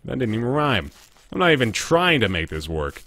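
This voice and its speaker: A man doing live gameplay commentary, joking with chat, thanking viewers and yelling when startled. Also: medium pitch, sing-song, brisk. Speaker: gaming livestreamer.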